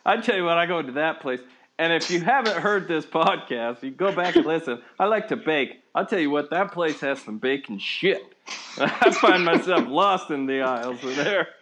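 A man's voice: a little high, animated, normal speed, a bit bright, slight background noise. A man co-hosting a podcast, chatting in a laid-back, joking way. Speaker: podcast co-host. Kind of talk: casual chat.

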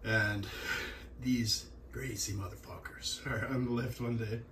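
A man's voice: on the low side, fairly even intonation, a little slow, fairly bright tone. A man telling rambling, profane stories in a casual podcast chat. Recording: distant mic, faint background noise.

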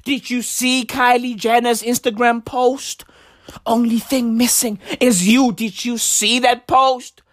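A woman doing a profane comedic rant in street slang, her voice cracking as she lurches between yelling and whispering. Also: on the high side, flat delivery, slow, no echo, studio quality. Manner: shouty, slangy, wild swings from yells to whispers. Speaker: comic ranter.

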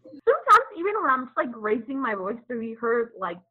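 Young woman, animated storyteller, slightly high and husky, lo-fi phone sound. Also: fairly quick. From Mexican family. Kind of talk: casual chat.

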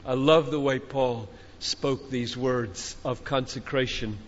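In a large conference hall, an older man with a mid-range, fairly even voice preaches a fervent sermon slowly, with hardly any pauses. Like a father to his children, he exhorts the crowd, repeating phrases with rising intensity, and the recording sounds dull with long hall reverb.

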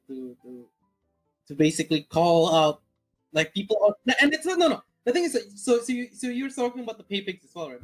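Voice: medium pitch, low-quality recording. A speaker in casual chat who keeps stopping and restarting sentences to lay out opinions. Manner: hesitant, many restarts and fillers. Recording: faint music in the background.

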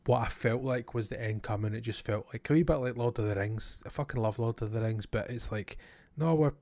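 Hesitant man, low voice. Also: steady tone, a little fast, darkish tone, no room sound. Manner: hesitant, restarts often, swears casually. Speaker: podcast co-host. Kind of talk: casual review chat.

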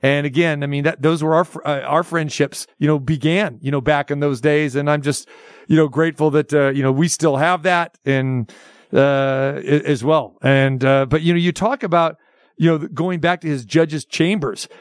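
A man's voice: a little high, steady tone, normal speed, clear, resonant tone, no echo. Dry-sounding man hosting a radio show. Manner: loose, rambling questions with many fillers. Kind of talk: casual radio interview.

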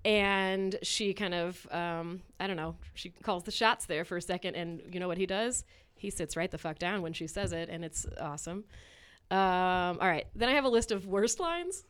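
A woman chatting casually on a podcast about a movie, animated and quoting lines. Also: lowish voice, moderate pace, clean tone. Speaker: podcast co-host. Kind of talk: casual chat.

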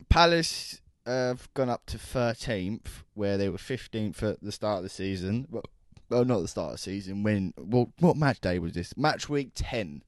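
A young man co-hosting a casual football chat, halting and repeating words as he talks. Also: on the low side, dry recording, studio quality. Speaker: podcast co-host.

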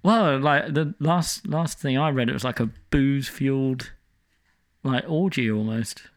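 A man's voice: mid-range voice, measured pace. A man co-hosting a podcast, chatting casually with dry, teasing humor. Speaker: podcast co-host. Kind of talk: casual comedic chat.

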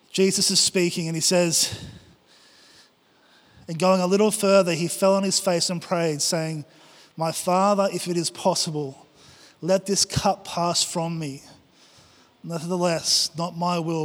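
A man preaching a passionate sermon to his church, acting out prayers and quotes. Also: high voice. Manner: impassioned, acts out prayers and quotes. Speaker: pastor. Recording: long hall reverb.

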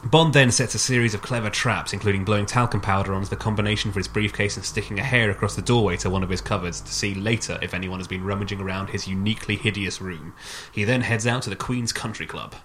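A man's voice: on the low side, fast, hardly any pauses, a bit bright, a little hiss or hum. A man hosting a podcast, recounting a film's plot and then rambling into casual chat with frequent restarts. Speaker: podcast host. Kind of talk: casual film review chat.

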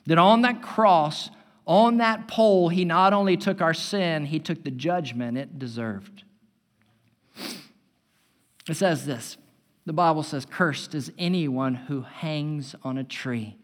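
A man preaching a sermon as pastor, building loud and emphatic and then dropping to a hushed tone. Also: fairly high pitch, takes it slowly. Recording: long hall reverb.

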